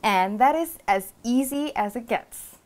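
A woman's voice: fairly high pitch, unhurried, darkish tone. A woman hosting a cooking show, walking through a recipe step by step in a casual, upbeat, chatty way.

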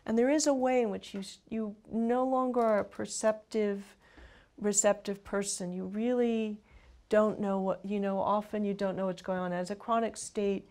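A woman author in her fifties talks through her ideas in an interview, pausing and restarting as she thinks. Her voice sits at an ordinary middle pitch, and she builds her points in loose, searching phrases. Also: dark tone. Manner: thoughtful, with frequent restarts and asides. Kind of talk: reflective interview talk.

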